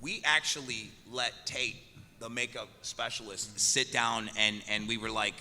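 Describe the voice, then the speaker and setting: A man's voice: mid-range voice, fairly even intonation, measured pace, pushed and bright, long reverb tail. A man telling rowdy, profane stories on a convention panel, laughing often and talking animatedly. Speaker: panelist, musician.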